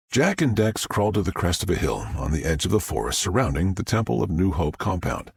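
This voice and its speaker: Brief: male narrator, low husky voice, expressive pitch, dry booth sound. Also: fairly quick, hardly any pauses, no room sound. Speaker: audiobook narrator. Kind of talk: scripted narration.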